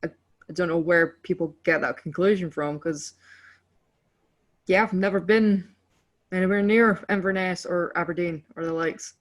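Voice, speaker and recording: Speaking at a moderate pace with frequent pauses, this podcast co-host from Scotland has a low, steady voice. She chats casually, laughing at herself and scattering fillers throughout.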